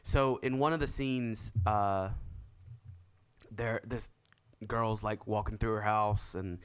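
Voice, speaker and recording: A man's voice: on the low side, fairly even intonation, takes it slowly, clean tone. A young man co-hosting a podcast, telling stories in casual chat and often laughing. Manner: laughing storyteller, voices others in quotes. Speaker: podcast co-host.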